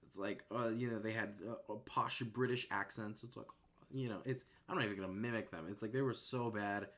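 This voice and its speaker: Laid-back low-voiced male streamer. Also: fairly even intonation, brisk. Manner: rambling, laid-back, trails off softly. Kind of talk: casual chat.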